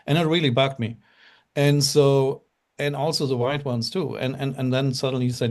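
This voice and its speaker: Middle-aged german guy, german accent, rambling and earnest, mid-pitched voice. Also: steady tone, fairly quick, darkish tone. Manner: earnest, rambling with many fillers. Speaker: guest. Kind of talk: casual storytelling on a live show.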